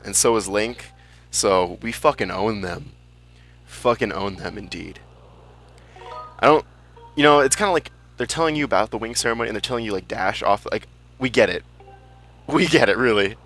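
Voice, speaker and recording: A young man with a medium-pitched, slightly bright voice gives laid-back let's-play commentary on his gameplay. He chats casually, swears freely, and drops joking asides along the way.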